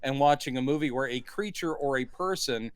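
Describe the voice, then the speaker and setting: A man's voice: medium pitch, brisk, clean tone, no room sound. A man co-hosting a podcast, chatting thoughtfully about a horror film, hedging his points and laughing easily. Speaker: podcast co-host. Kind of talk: casual movie review chat.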